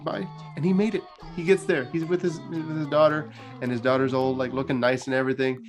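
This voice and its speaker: A male channel host casually retelling a story, chatty and loose, full of filler words. His voice sits at a middling pitch, and light guitar music plays faintly underneath. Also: little pitch movement, quick pace.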